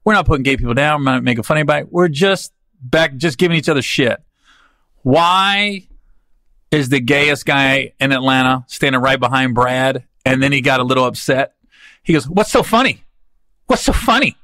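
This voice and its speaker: Recorded dry, this man speaks in a mid-range voice at normal speed. He hosts a podcast and does comedy, spinning funny stories in a loose, slangy, rambling style with lots of animation and restarts.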